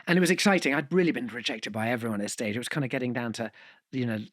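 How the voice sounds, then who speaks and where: A man's voice: mid-range voice, racing, dry recording, studio quality. A male podcast guest telling long, self-deprecating stories in a conversational way, restarting sentences and using fillers. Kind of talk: conversational storytelling.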